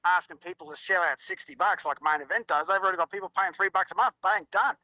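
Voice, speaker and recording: A man's voice: high-pitched, fast, bright, forceful tone, no echo, muffled recording. A man co-hosting a boxing podcast, chatting casually and explaining things plainly.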